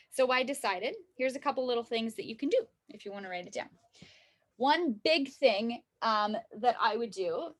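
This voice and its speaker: A woman's voice: on the high side, a bit bright. A woman giving a casual self-help talk about self-love, speaking conversationally and often checking in with "right?" and "you know?". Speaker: wellness teacher.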